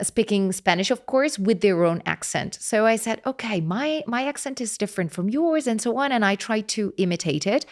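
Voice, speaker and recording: Italian-accented woman with a smooth voice. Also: medium pitch. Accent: Italian, Roman. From Rome, Italy. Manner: expressive, lively storyteller with frequent hesitations. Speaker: polyglot content creator guest. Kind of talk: casual interview chat.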